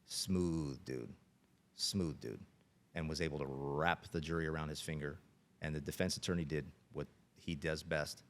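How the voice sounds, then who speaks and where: A middle-aged police officer appears as a podcast guest, telling stories in an earnest, plain-spoken way. His voice is a low rumble with fairly even intonation at a normal speed.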